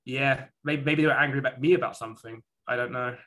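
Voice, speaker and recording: A man with a bright, forceful voice chats casually. He tells a story in a rambling way, stopping and restarting often. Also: mid-range voice, fairly even intonation, quick pace. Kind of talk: casual conversation.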